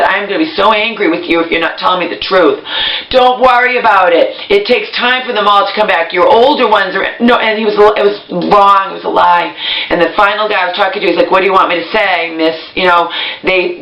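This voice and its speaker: A woman's voice: mid-range voice, a bit bright. A woman vlogger venting in a rambling, agitated monologue, swearing as she goes. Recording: echoey room, dull lo-fi sound.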